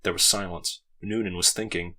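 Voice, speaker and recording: Guy narrating an audiobook, lowish voice but bright and forceful, really expressive. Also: moderate pace. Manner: expressive, voicing characters in dialogue. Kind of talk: dramatic audiobook reading.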